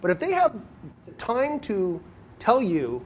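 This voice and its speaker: A man coaching other men on dating, telling stories and acting out quoted lines in a casual, animated way. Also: high-pitched, takes it slowly, a little hiss or hum. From United States.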